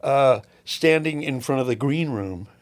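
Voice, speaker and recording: A man's voice: mid-range voice, expressive, unhurried. Older man, podcast guest, loose rambling anecdotes, salty language. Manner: rambling, profane, clears throat often. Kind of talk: casual storytelling interview.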